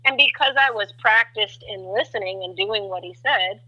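A woman guest sharing a faith testimony in conversation, an animated storyteller who acts out what people said. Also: mid-range voice, normal speed, breathy edge, highs cut off.

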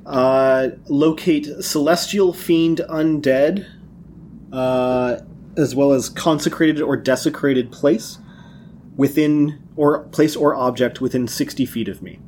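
A man playing a tabletop game, speaking slowly and deliberately with hesitations. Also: on the high side, steady tone, a little mellow, slight background noise. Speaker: player.

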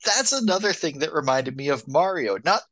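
Rambling podcast co-host, lively pitch. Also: a little fast, no room sound. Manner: rambling, full of "like" and "um". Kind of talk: casual movie-review chat.

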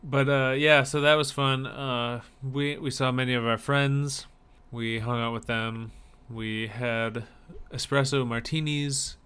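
A man's voice: medium pitch, steady tone, slow, fairly bright tone, smooth. A young man co-hosting a podcast, chatting casually and telling a story while acting out the people in it. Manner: storytelling, acts out quoted people. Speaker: podcast co-host. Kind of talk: casual chat.

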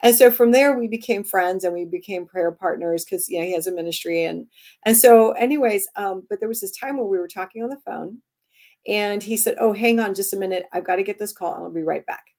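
Guest author, woman, conversational and animated, acts out the dialogue in her stories, mid-range voice. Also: mid-range voice, fairly quick. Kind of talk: conversational interview.

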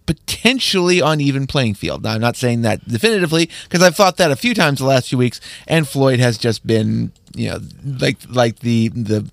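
A male radio host runs a quiz in a chatty, rambling manner, often restarting his sentences. His voice sits at a middle pitch. The studio mic sounds close and dry. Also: animated, moderate pace, gravelly, few pauses, dry recording. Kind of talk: casual radio talk. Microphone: studio microphone.

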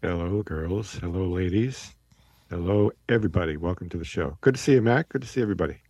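A man's voice: deep voice, fast talker, a little mellow, breathy edge, dry recording. A man, a regular on the show, telling rambling stories and chuckling in casual chat. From United States.

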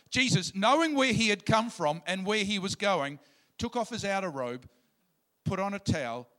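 A man preaching a sermon in an animated way, sometimes bursting into loud shouts. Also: sits high.

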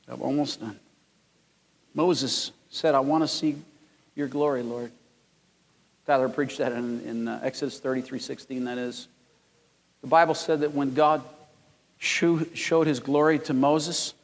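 A man in his fifties preaching a sermon as pastor, telling stories and rising to loud, emphatic peaks. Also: a little high. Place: large church sanctuary. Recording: long hall reverb.

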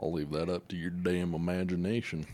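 A man voicing a confrontational, easily angered adult man with a gruff drawl. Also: low-pitched, little pitch movement, fairly quick, darkish tone, voice pushed down, lightly acted. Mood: testy.

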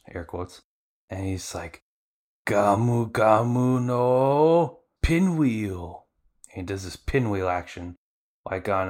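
Man, podcast host, chatty animated retelling, lower voice. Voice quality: conversational, filler-heavy, animated retelling. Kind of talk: casual anime episode recap.

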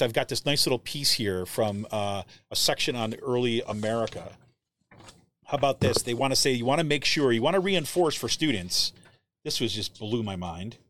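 A man's voice: mid-range voice, no echo. A man hosting a live commentary show, reading quotes aloud and keeping them going with frequent rhetorical questions. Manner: animated, keeps asking "right?", reads quotes aloud; searches through documents while talking, trails off.

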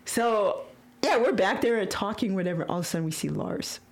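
A woman hosting a podcast, retelling a story in casual chat, excitable and emotional with frequent stammers. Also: mid-range voice, brisk, gravelly. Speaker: podcast host.

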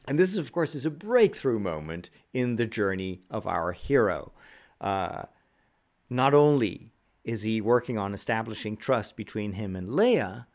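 A man's voice: lowish voice, a little mellow. A man giving casual spoken commentary, thoughtful and loose, with frequent fillers and restarts.

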